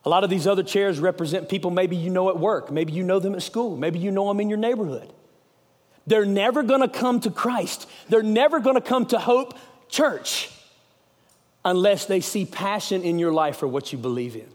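A man preaching a sermon as an evangelist, with a Southern US accent, telling stories with passion and swinging from loud to hushed. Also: high-pitched, normal speed, long reverb tail.

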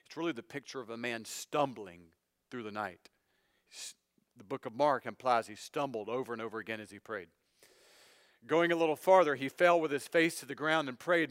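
A male pastor preaching a sermon, speaking earnestly and directly to his listeners, swinging from loud emphatic phrases to hushed low ones. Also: moderate pace, no echo, studio quality. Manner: earnest, direct address to the congregation.

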